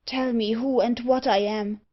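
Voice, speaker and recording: A woman's voice: a little high, steady tone, measured pace, lo-fi sound. A woman voicing a tormented young male captive in an audiobook, pleading and overwrought. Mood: frantic.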